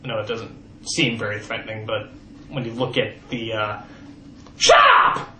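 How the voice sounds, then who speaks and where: A man hosting a comedy review, sarcastic and prone to exaggerated, shouted outbursts. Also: on the low side, flat delivery, brisk, slight background noise. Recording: echoey voice over music.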